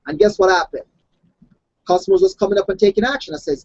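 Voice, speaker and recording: A man's voice: high-pitched, fast talker, no room sound, muffled recording. A man who grew up outside the United States, a health coach, telling stories in a casual online discussion with lots of restarts. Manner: animated storytelling with restarts.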